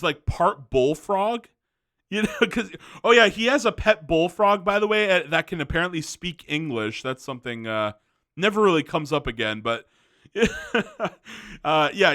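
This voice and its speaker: A man's voice: a little high, pushed and bright. A young man giving a casual, rambling movie review, often restarting his sentences.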